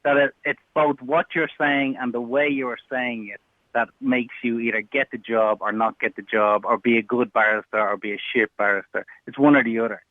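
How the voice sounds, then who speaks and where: A man's voice: medium pitch, steady tone, moderate pace, no room sound. Combative man on a phone line. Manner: blunt, combative, mocking. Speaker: caller. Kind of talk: heated radio phone-in argument.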